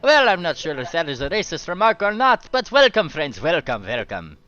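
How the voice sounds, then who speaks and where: A man's voice: on the high side, big pitch swings, brisk, sharp tone, muffled recording, voice pushed up. A man voicing a jovial, flirtatious male cat who hosts a fantasy casino, theatrical and grandiose. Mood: welcoming.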